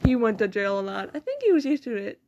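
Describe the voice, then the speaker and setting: A high-voiced teenage girl recounts classroom stories in loose, casual chat. She giggles through her sentences, swears casually and slips into animated voices when she quotes classmates and teachers. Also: quick pace, muffled recording, slight background noise. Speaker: student. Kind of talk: casual storytelling.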